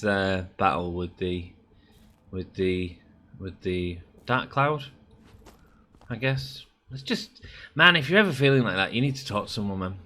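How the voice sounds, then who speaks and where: Brief: male gaming YouTuber, lowish voice with a bright, forceful edge, rambling casual commentary. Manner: chatty, rambling, thinks aloud with many fillers.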